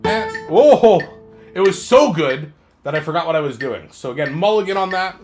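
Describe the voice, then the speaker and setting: Role: guitar teacher. Style: live practice commentary. Sex: man. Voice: fairly high, relaxed, self-coaching. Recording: guitar playing in the mix. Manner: counts aloud in a slow sing-song, then talks through his playing.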